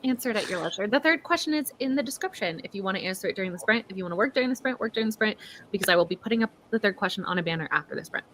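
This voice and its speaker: A woman hosting a writing stream over a call, her voice bright and full of swinging pitch. She chats and laughs easily, then slows down to read her own prose softly. A faint hiss of noise sits behind her. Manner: animated, laughs often, reads her prose slowly and softly. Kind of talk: casual chat and reading aloud from her own novel.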